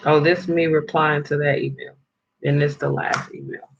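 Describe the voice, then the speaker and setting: A furious woman vents to camera in a heavy-swearing rant that rambles and restarts. Her voice is gravelly and full of fry. The recording sounds dull and lo-fi. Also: sits low, flat delivery, normal speed. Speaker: vlogger. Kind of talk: angry profane rant to camera.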